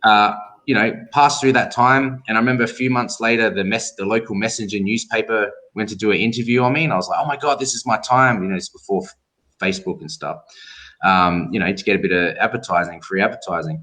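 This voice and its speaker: A middle-aged Australian man with a lowish voice talks fast as a tattoo-artist guest in a casual storytelling interview. He tells his stories with animation, voicing the people he quotes.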